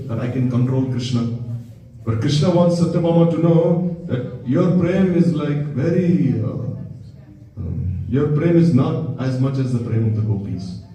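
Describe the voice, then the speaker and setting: A man's voice: fairly high pitch, mellow. A man giving a devotional sermon as a spiritual teacher, telling stories and asking his listeners rhetorical questions. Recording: very echoey room, distant mic.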